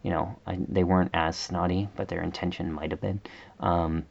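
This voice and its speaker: A man's voice: low voice, little pitch movement, normal speed, creaky, dull audio. A man vlogger telling a rambling, exasperated story in a casual rant, full of fillers.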